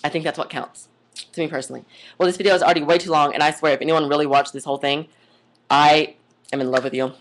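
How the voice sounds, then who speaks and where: A woman's voice: deep voice, fairly even intonation, fast. A young adult woman vlogging in a casual monologue, chatty and gushing, rambling off onto tangents. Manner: gushing, says "oh my God" and "like" a lot.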